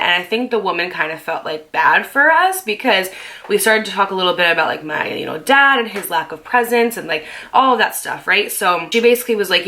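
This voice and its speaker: A young woman in her twenties, telling a personal story to camera in a chatty, animated way, swearing freely and acting out what others said. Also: on the low side, fairly quick. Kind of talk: casual storytime monologue.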